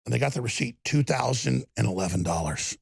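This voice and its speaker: A man with a deeply gravelly, husky voice rants through a talk-show monologue. His pitch swings widely as he talks, and he keeps erupting into angry shouts. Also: lively intonation, fairly quick, dry recording, studio quality. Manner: impassioned, bursts into angry shouting. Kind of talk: ranting monologue.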